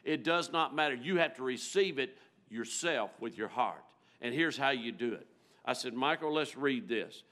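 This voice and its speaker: A man preaching a storytelling sermon in a church, folksy and emotional, rising loud and dropping to a near-hush. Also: medium pitch, animated, moderate pace. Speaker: guest preacher. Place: church sanctuary.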